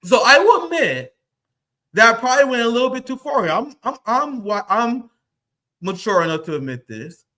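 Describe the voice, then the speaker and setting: A man's voice: very high voice, sing-song, moderate pace, bright, forceful tone. A man hosting a livestream, delivering angry, profane commentary in a heated rant. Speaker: livestream host.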